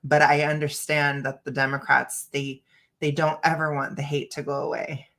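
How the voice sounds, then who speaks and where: A woman's voice: low-pitched, level tone, moderate pace, fairly bright tone. A woman hosting a casual reaction stream over a video call, blunt and opinionated, often breaking into laughs. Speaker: stream host.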